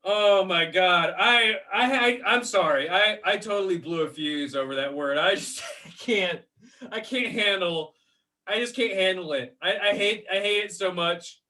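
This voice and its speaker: A man's voice: high-pitched, measured pace, bright, forceful tone. A man co-hosting a casual podcast chat, swinging into comic mock-outrage rants with silly quoted voices. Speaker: podcast co-host.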